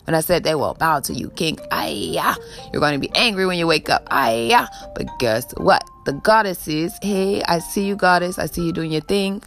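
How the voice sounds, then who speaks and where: A woman's voice: deep voice, normal speed, a bit bright, soft background music. A woman giving a preachy spiritual pep talk, ending most sentences with a questioning "ah?" and sighing now and then. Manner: sighs before blowing love. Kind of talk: motivational spiritual talk to camera.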